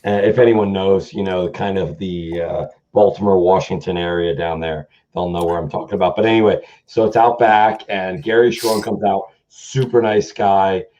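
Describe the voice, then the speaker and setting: A man's voice: low-pitched, fairly even intonation, moderate pace, hardly any pauses, darkish tone. A man hosting a casual music chat, rambling through stories and imitating the people he quotes. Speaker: host. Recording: muffled lo-fi sound.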